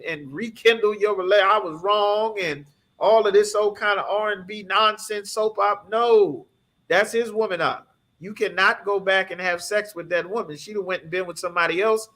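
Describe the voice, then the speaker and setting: A man from the United States leads a scripture class with a high voice. He preaches emphatically in a streetwise way and keeps asking his listeners rhetorical questions. His tone is bright and forceful. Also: fairly even intonation, moderate pace.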